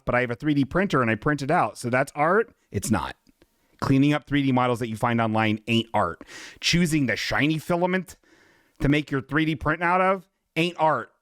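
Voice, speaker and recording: A man's voice: medium pitch, no room sound, studio quality. A man hosting a podcast, telling a comedic story with sarcastic, self-mocking humor. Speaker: podcast host.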